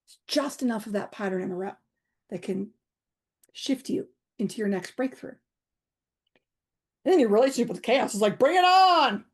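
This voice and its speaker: A woman's voice: mid-range voice, normal speed, long pauses, mellow, husky. A middle-aged woman comedian and humor coach, chatting as a podcast guest, playful and acting out voices in her stories. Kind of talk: animated podcast chat.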